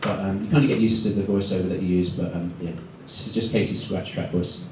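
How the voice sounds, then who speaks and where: A man giving a guest talk to art students, talking quickly and loosely with many ums. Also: sits low, steady tone. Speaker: guest speaker at an art school. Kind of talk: presentation to students. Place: lecture room. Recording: echoey room, far from the mic, faint noise.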